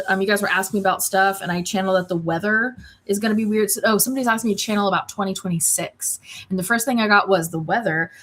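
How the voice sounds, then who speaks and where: A woman's voice: medium pitch, fairly bright tone. A woman in her thirties hosting a casual livestream, bubbly and chatty, greeting viewers and reacting to their comments. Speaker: host of a livestream. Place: home room with a screen.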